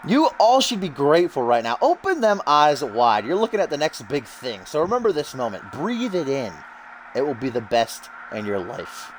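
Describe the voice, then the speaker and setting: A man's voice: fairly high pitch, very animated, slight background noise, voice pushed up. A man putting on a cocky boastful wrestler. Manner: cocky, grandiose, drawn-out delivery. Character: arrogant boastful male wrestler giving a promo.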